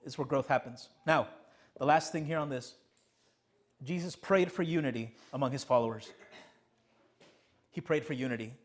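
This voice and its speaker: A man's voice: medium pitch, normal speed, long pauses. A young man preaching a sermon as pastor of his church, emphatic and full of rhetorical questions. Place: church sanctuary.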